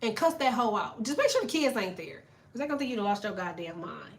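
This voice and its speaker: A woman tarot reader with a medium-pitched voice talks fast on a live stream. She's animated, curses freely, laughs often and reads the chat aloud, talking back to viewers.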